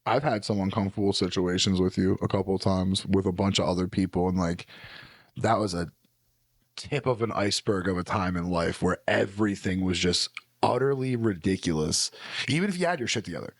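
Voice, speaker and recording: A man's voice: low-pitched, a little fast, dry recording. A man talking as a podcast guest in casual chat, loose and rambling, filling his talk with "like".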